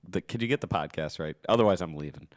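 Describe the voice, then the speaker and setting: A man's voice: deep voice, quick pace, slight background noise. A young man co-hosting a casual podcast, laid-back and giving short replies. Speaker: podcast co-host. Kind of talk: casual chat.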